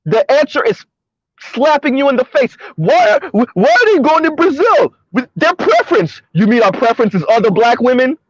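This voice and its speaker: A man's voice: very high-pitched, very animated, normal speed, no room sound. A man giving opinionated commentary in an emphatic, sarcastic way, repeating his points, talking from his car. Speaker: commentary vlogger. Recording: dull lo-fi recording.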